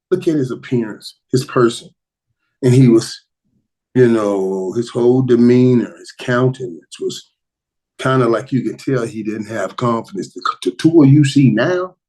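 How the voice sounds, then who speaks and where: A man hosts a casual live stream, answering viewer questions with excitable energy, repeating himself and swinging from loud bursts to low mutters. The audio quality is poor.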